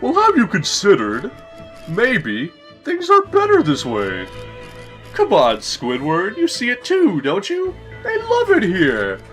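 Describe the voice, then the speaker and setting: A man voicing a sneering male villain in a game, taunting with a mocking, drawn-out, theatrical delivery. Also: high-pitched, huge pitch swings, a bit bright, faint music behind, pitched above the performer's own voice, exaggerated voice. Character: sneering, sing-song male villain taunting a night guard.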